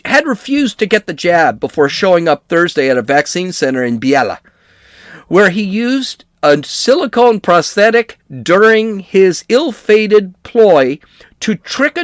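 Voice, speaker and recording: A man's voice: high-pitched, a bit bright, no room sound. A middle-aged man hosting a podcast, reading news and adding sarcastic asides with frequent restarts. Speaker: podcast host. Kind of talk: casual news commentary.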